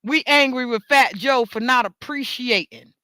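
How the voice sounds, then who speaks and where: High, bright-voiced New woman ranting. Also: moderate pace, dry recording. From New York. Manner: profane, emphatic, repeats words for force. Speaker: talk show host. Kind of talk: ranting monologue.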